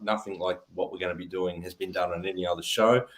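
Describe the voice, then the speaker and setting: A man co-hosting a casual live-stream chat, relaxed and hesitant with many filler sounds. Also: deep voice, quick pace. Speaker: co-host, guitar player.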